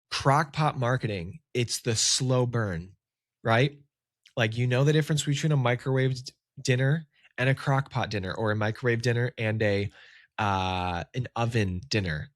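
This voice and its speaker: A man talking casually as a business coach on a solo podcast, with lively emphasis. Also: mid-range voice, no echo, clean studio sound. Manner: casual, conversational, animated emphasis.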